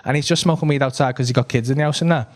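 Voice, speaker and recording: On a comedy club stage, a stand-up comedian with a medium-pitched, rapid-fire voice tells a story full of swearing. He's animated and keeps laughing at his own tale.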